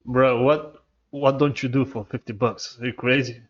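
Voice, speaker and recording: A man's voice: mid-range voice, steady tone, moderate pace, lo-fi sound, crowd noise, background noise. A male reaction host commenting casually and laughing along. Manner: laid-back, laughing along.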